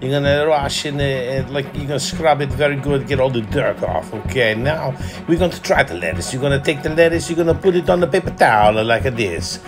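A man's voice: mid-range voice, fairly quick. A man hosting a home cooking video, casually talking through each step with frequent "uh" fillers, in a home kitchen. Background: background music.

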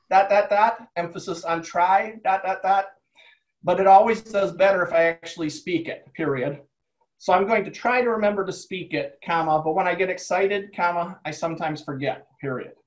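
A man's voice: high voice, rough recording. A man, an author, explaining and dictating a story live to an audience, speaking his punctuation aloud.

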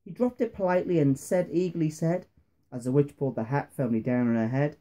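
A father reading a rhyming picture book aloud to his young son, with a steady rhythm and dramatic pauses. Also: on the high side. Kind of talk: rhyming bedtime story reading.

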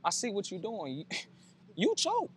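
Excitable high-voiced man hosting reactions. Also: a little slow, breathy edge. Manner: loud exclamations and teasing. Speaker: reaction video host. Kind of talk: excited casual reaction commentary.

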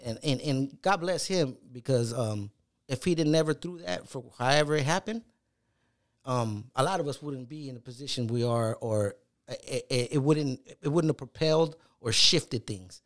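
A man's voice: mid-range voice, normal speed. A middle-aged man telling a story from his hard early days in music, acting out old phone calls and cursing freely. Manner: animated storyteller, acts out phone calls, swears a lot. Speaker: rapper guest. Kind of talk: casual storytelling chat.

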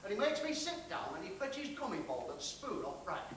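An actor playing a blunt, hearty factory boss, telling a folksy story. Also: male voice, sits high, wildly swooping pitch, normal speed, fairly bright tone, a little hiss or hum, exaggerated voice. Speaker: factory owner giving advice. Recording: roomy film sound from a distant mic.

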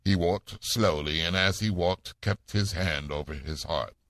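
A man narrating a classic novel summary in a measured, formal audiobook manner. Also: low-pitched, fairly bright tone, no room sound.

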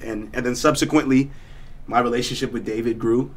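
A man's voice: medium pitch, fairly even intonation, brisk, a little hiss or hum. A man from South Africa, a guest actor telling stories in a casual studio chat, laid-back and slangy with many fillers and restarts.

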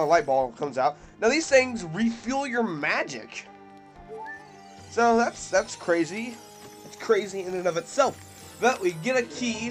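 A high-voiced young man gives jokey gameplay commentary, his voice swinging up and down a lot. He rambles with plenty of fillers and yelps loudly whenever something startles him. Faint music plays behind him. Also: expressive, measured pace. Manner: jokey, yelps and screams at scares. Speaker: let's play commentator.

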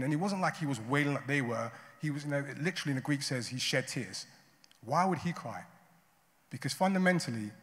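A man's voice: fairly high pitch, fairly bright tone. Conversational male pastor in a reverberant hall. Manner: conversational, often adds "right?" and "you know". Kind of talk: sermon.

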